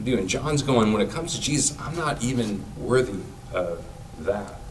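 A man's voice: lowish voice, animated, normal speed, distant mic, a little hiss or hum, poor audio. A man giving a sermon in a casual, conversational way, using everyday comparisons. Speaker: preacher.

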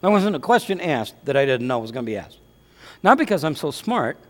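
A man preaching a sermon as pastor of his church, talking in a lively, conversational way full of rhetorical questions. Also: medium pitch, fairly quick, slight background noise. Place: church sanctuary. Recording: long hall reverb.

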